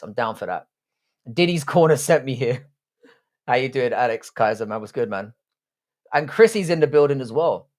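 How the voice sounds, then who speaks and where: A young British man hosts a casual live stream, greeting viewers and riffing on their comments. His talk is crude and profane, full of jokey asides. His voice sits at an ordinary middle pitch. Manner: crude, profane, joking banter.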